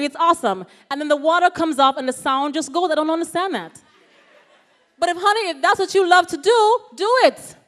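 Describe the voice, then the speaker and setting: A woman giving a lively motivational talk at a youth ceremony, animated and often asking the audience questions. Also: high voice. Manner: animated, asks the audience questions, calls out "yes, yes?". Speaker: motivational speaker. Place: ceremony hall.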